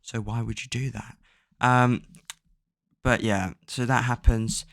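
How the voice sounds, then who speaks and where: A man's voice: mid-range voice, steady tone, takes it slowly, creaky, no echo, studio quality. A man casually recapping a book's plot, rambling with lots of fillers and offhand swearing. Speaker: book recap vlogger.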